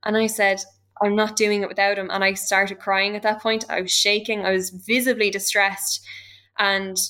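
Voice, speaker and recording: An Irish woman in her thirties recounts a hard personal experience in a bright, crisp voice. She speaks earnestly and with deep feeling, breaking off mid-sentence and starting again as she tells it. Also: level tone. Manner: earnest and emotional, with halting restarts. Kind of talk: personal storytelling.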